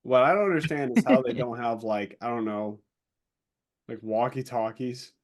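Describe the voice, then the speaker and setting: A man co-hosting a casual book podcast, with a voice of ordinary pitch. He retells scenes with animated energy, acting out the characters' lines and swearing now and then. The tone is loose, friendly chat. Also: moderate pace. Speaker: podcast co-host.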